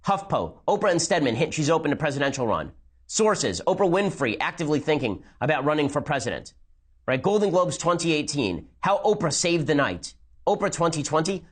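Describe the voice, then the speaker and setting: A man giving rapid, sarcastic commentary as he reacts to a speech and argues his point. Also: a little high, husky. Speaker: political commentator.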